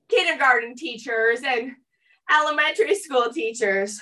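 A woman's voice: high voice, unhurried, long pauses, pushed and bright, far from the mic. A woman leading a guided workout class, mixing upbeat coaching cues with chatty asides while she exercises. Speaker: fitness instructor.

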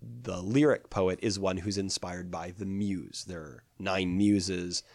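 A man reciting a poem slowly, then explaining its verse in a relaxed lecturing voice. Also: sits low, gravelly, dry recording. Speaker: lecturer on ancient poetry. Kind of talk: poetry reading and lecture.

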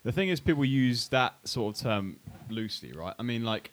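A man's voice: mid-range voice, animated, normal speed. A man co-hosting a podcast in casual chat, rambling and restarting his sentences. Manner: rambling, self-correcting, restarts. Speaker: podcast co-host.

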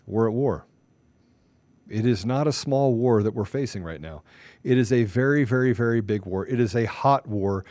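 A man's voice: medium pitch, moderate pace, mellow, no room sound. A man hosting a political talk show, delivering fervent, ranting commentary full of rhetorical questions.

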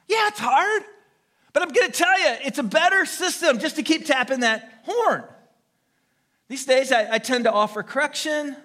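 A middle-aged American pastor delivers a sermon in a strikingly high, bright voice. His pitch swings widely as he tells humorous stories, acting out horn beeps along the way. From United States. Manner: animated, humorous storytelling with vocal sound effects.

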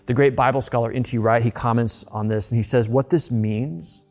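A man preaching a sermon, reading scripture aloud and explaining it, slowing to emphatic pauses and dropping his voice on key words. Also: mid-range voice, fairly even intonation, darkish tone, soft background music. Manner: reads scripture aloud with lifted, dramatic quoted lines.

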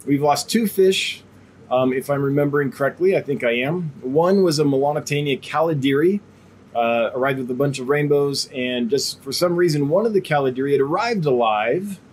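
A man's voice: medium pitch, darkish tone, a little hiss or hum. A man hosting a casual live stream as a fish seller, talking in a chatty, rambling way with a cough drop in his mouth and a slight lingering cough. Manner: chatty, rambling, with frequent fillers.

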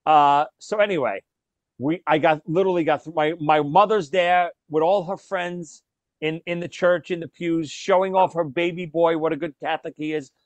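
A man's voice: a little high, moderate pace, no room sound. A man hosting a casual chat, telling stories with laughter and acting out the lines he quotes. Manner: animated storyteller, laughs, acts out quoted lines. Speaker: podcast host.

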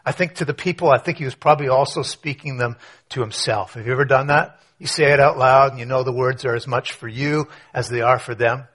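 A man preaching a conversational sermon, telling a story with rhetorical questions and quiet asides. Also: mid-range voice, fairly quick, breathy edge. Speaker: pastor.

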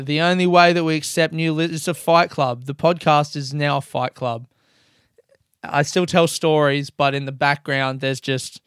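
A young man hosting his podcast in a casual, rambling monologue, excitable and swearing freely. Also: a little high, smooth, dry recording, clean studio sound. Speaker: podcast host and comedian.

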